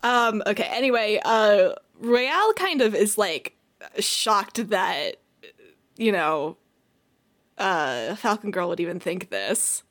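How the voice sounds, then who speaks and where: Woman player, sarcastic and profane, animated pitch, slow delivery. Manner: swears often, sarcastic. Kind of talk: tabletop role-play, casual chat.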